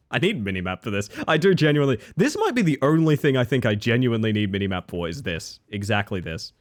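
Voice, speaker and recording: A male livestreamer with a medium-pitched voice talks a little fast, with big pitch swings and long pauses. He gives casual live gaming commentary, chatting with viewers, laughing often, and swearing freely.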